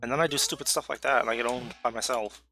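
A man giving live commentary while playing a video game, excitable, talking to himself and letting out sudden yelps. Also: mid-range voice, quick pace, faint music behind.

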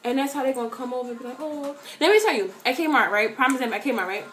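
A young woman vlogger answering fan questions in casual, animated talk, full of slang and repeated words, dropping to a soft hush for emotional moments. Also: on the high side, rapid-fire, a little hiss or hum. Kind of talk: casual chat to camera. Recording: echoey room, faint music behind.

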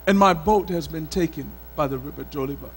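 A man's voice: on the high side, fairly quick, slight background noise, voice pushed down, natural voice. A man doing an earnest, honest fisherman. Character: poor, honest grieving male fisherman.

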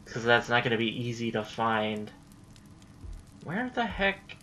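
Speaking at a measured pace in a mid-range voice, a young man provides let's-play commentary on a game. He's casual and talkative, gets frustrated easily, and yells excitedly whenever a chase starts. There's slight background noise.

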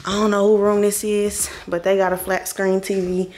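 A woman's voice: medium pitch, flat delivery, normal speed, a little mellow, a little hiss or hum. A woman vlogger giving a casual house tour, chatting to her viewers and a little out of breath. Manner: chatty, addresses viewers as y'all. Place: large rental house, indoors.

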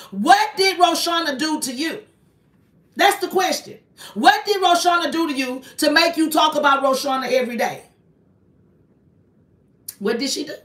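A woman's voice: high-pitched, fairly bright tone. A woman hosting a confrontational live stream, hammering one person with repeated accusing rhetorical questions and calling on God. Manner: preachy, invokes God. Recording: roomy echo, voice distant from the mic.

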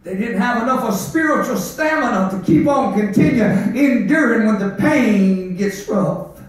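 A man preaching an impassioned revival sermon in a church, swinging between shouts and hushed, low stretches. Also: lively intonation, unhurried. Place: church sanctuary. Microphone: distant from the mic. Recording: echoey church from far off.

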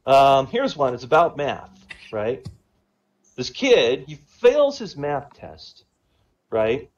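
This medium-pitched man is very animated yet speaks slowly, his voice-chat audio missing the highs. He's swapping jokes in a relaxed, talkative way, laughing whenever he reaches a punchline.

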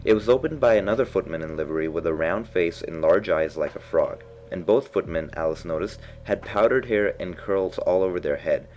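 A man narrating a classic storybook in a measured, expressive reading. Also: deep voice, slight background noise, low-quality recording.

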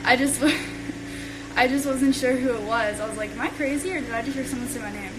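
A young woman with a high voice chats casually and rambles on a phone livestream while she tidies her bedroom. A steady hum of background noise sits under her voice. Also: a little fast. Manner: chatty and rambling, talks while tidying up. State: out of breath. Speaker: social media creator.

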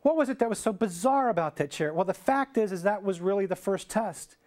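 Animated man telling a stage story. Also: high voice, a little fast. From United States. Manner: animated storyteller acting out dialogue, shouting cheers. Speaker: keynote speaker. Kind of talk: storytelling keynote speech.

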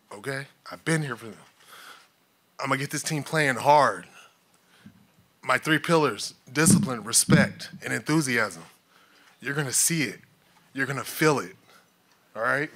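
A man's voice: medium pitch, sharp tone. A man speaking as a new head coach at a press conference, fervent and emotional, talking in earnest bursts.

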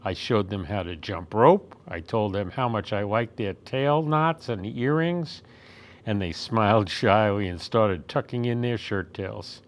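A man reading a children's picture book aloud at storytime, with gentle, expressive storytelling. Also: lowish voice, a little slow. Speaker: storytime reader.

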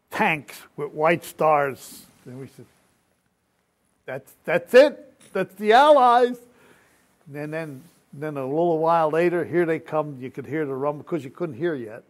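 A man's voice: mid-range voice, creaky. An older man recounting his experiences in an oral history interview, telling stories with quoted dialogue. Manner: lively anecdotal storytelling with quoted dialogue.

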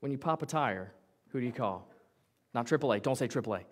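Conversational pastor preaching a sermon. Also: male voice, medium pitch, expressive, fast talker. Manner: conversational, jokey preaching with acted-out quotes. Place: church sanctuary.

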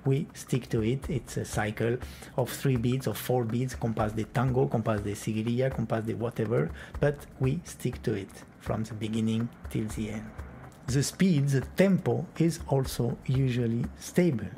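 A man's voice: medium pitch, moderate pace, gravelly, warm tone, a little hiss or hum. A man teaching flamenco rhythm, explaining plainly and counting beats aloud with sung rhythm syllables. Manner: plain explanatory talk with occasional Spanish words.

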